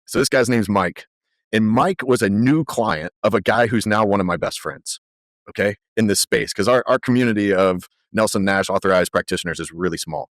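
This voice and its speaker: A man guesting on a podcast, telling animated stories full of fillers in a conversational way. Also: on the low side, normal speed, dry recording, studio quality. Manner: animated, lively storyteller with frequent fillers. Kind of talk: conversational storytelling.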